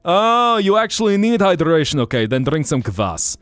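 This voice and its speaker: A man's voice: a little high, big pitch swings, moderate pace, a bit bright, dry recording, faint music behind, pitched above the performer's own voice. A man voicing a boisterous male Russian host with a mock Russian accent, talking in a brash, teasing singsong. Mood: boastful.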